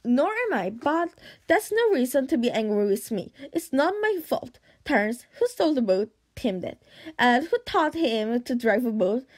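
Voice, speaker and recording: A woman's voice: fairly high pitch, very animated, normal speed. A woman reading the part of a mild, patient middle-aged husband stranded as a castaway, sounding reasonable and a little wounded. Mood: mild, plaintive.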